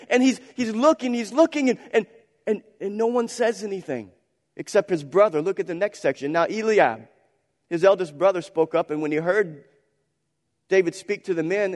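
A male preacher delivers an impassioned sermon, piling up repeated phrases and rhetorical questions. His voice sits fairly high for a man. Long reverb trails after each phrase, as in a large hall.

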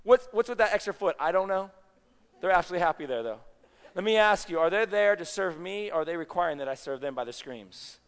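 A man preaching a sermon in a chatty, animated way, often checking that his audience is following along, in a church sanctuary. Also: sits high, fast, long reverb tail. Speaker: pastor.

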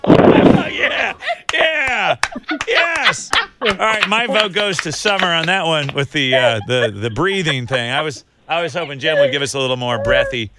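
A man's voice: a little high, animated, unhurried, heavy background noise. A man hosting a party voice game, giggly and encouraging with the players. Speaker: game host. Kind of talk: casual banter.

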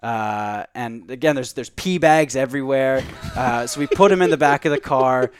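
A man's voice: medium pitch, moderate pace, slight background noise. A young man in his twenties, a podcast co-host, telling a long anecdote in casual chat, with lots of "like" and "uh".

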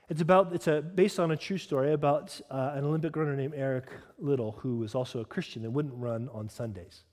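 A man's voice: on the high side, a little mellow. A man preaching a sermon as a pastor, moving between earnest teaching and casual conversational asides. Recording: long hall reverb.

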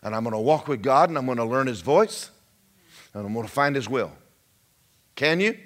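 A man's voice: mid-range voice, lively intonation, normal speed, a bit bright. A middle-aged man preaching a sermon, calling out questions to his congregation. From Georgia, US. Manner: preaching with call-outs to the congregation. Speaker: pastor.

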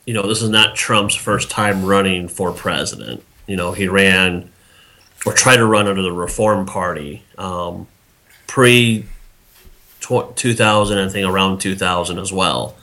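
A man's voice: low voice, unhurried, pushed and bright. A man co-hosting a podcast, giving loose political commentary with frequent fillers and restarts. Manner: rambling, many fillers and restarts. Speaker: podcast co-host.

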